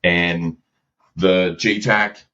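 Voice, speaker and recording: Low-voiced male guest, casual slangy storyteller, muffled recording. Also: drawn-out words. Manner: relaxed, slangy, many fillers. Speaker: podcast guest, veteran. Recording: dull lo-fi audio.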